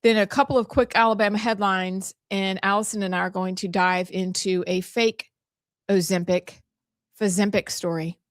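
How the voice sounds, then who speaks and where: A playful woman co-hosts a talk show with easy, bubbly banter. Her voice sits at a middling pitch and sounds close and dry. She jokes freely with her co-hosts. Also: fairly even intonation, no echo. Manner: bubbly, playful, quick to laugh. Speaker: radio show co-host. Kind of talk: casual morning-show banter.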